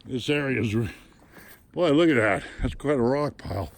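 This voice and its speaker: Out on a mountain trail, a middle-aged man vlogs his hike, chatting in a folksy, plain-spoken manner while a bit winded. His medium-pitched voice is animated and creaky at a normal speed, picked up by a handheld camera mic.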